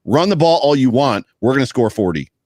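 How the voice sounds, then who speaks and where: A man's voice: mid-range voice, very animated, a little fast, darkish tone, no echo, studio quality. A man appearing as a guest broadcaster, giving punchy, colloquial sports analysis.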